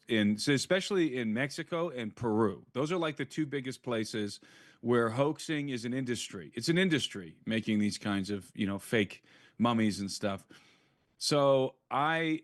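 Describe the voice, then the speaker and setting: A man's voice: lowish voice, no room sound, clean studio sound. A man speaking as an interview guest, giving an earnest, frank first-hand account in conversation.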